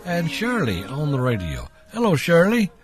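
A man's voice: fairly high pitch, huge pitch swings, normal speed, faint music behind. A man hosting a call-in radio show, chatting casually and laughing along with callers.

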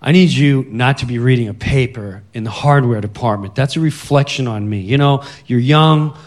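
A man's voice: medium pitch, normal speed, voice pushed down, natural voice. A man voicing a stern, self-important hardware store clerk who lectures a coworker. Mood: scolding. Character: stern, preachy middle-aged male hardware clerk.

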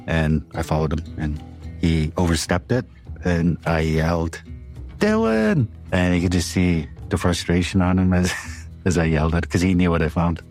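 Deep-voiced calm man telling a personal story. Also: moderate pace, soft background music. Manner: reserved, calm, with bursts of excitement.

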